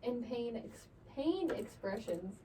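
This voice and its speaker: A woman's voice: a little high, expressive, slow, warm tone. A young woman co-hosting a podcast in a playful, giggly manner, reading aloud from an article and chatting casually. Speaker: podcast co-host. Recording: slightly distant mic with faint background noise.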